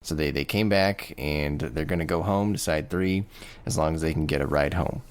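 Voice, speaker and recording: Low-voiced man, chatty podcast co-host. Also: moderate pace, clear, resonant tone. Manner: enthusiastic, rambling summary with frequent laughs. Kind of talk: casual podcast chat.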